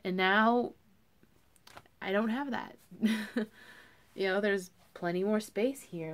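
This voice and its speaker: Young woman vlogging, rambly and chatty, lots of likes and ums, middle pitch. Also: moderate pace. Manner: chatty, full of fillers and "like". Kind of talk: casual chat to camera.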